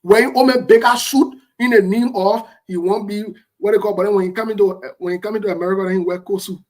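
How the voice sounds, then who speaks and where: A man with a Liberian English accent, co-hosting a talk show and giving heated political commentary in a forceful, repetitive, defiant way. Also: sits high, steady tone, fast. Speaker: co-host.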